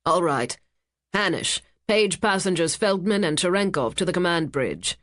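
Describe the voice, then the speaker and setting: A woman's voice: on the low side, expressive, moderate pace, fairly bright tone, dry recording. A woman voicing an irritable middle-aged male ship captain who speaks curtly and officiously. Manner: curt, dry and officious.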